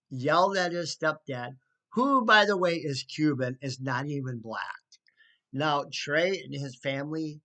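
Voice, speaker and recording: This indignant American man's neighbor-dispute story comes in a relaxed, casual style to camera, broken by sarcastic asides and frequent restarts of his thoughts. His voice, a bit high for a man, sounds pushed and bright.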